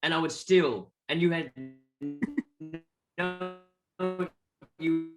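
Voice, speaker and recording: A man's voice: fairly high pitch, very slow, music in the background. An Australian man, a guest musician, telling rambling stories in a casual interview and acting out the voices of people he quotes.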